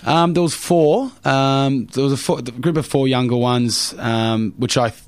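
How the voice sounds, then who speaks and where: A man's voice: medium pitch, steady tone, a little slow, clear, resonant tone, dry recording. A young Australian man, a Paralympic swimmer, telling cheeky anecdotes in a casual interview, with lots of fillers. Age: young adult.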